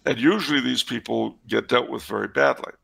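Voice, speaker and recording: Man, gravelly voice, bright tone, wry sardonic asides, casual discussion. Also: medium pitch, a little fast. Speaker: commentator on church history.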